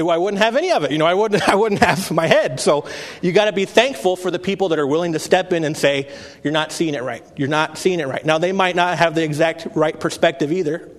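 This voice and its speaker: Male pastor, 30s, earnest conversational preaching, slightly high voice, hall reverb. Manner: conversational, earnest, with frequent restarts. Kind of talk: sermon. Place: church sanctuary.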